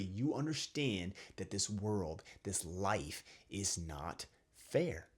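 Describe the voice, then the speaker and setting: A man's voice: on the low side, expressive, a little slow, few pauses, breathy edge. A young adult man giving an opinion monologue as a channel host, lecturing and checking in with "okay?" again and again. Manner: lecturing, repeats "okay?" often.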